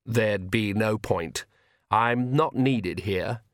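A gentle, soft-spoken priest weighing each word, as a man puts him on. The voice sinks a little low and moves unhurried. The sound is dry and close. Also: no echo. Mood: calm.

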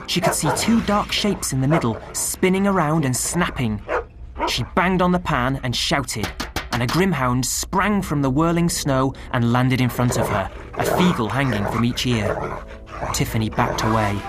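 A woman narrating a storybook in an expressive reading style, recorded close. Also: extremely low pitch, normal speed, noisy background. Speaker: audiobook narrator.

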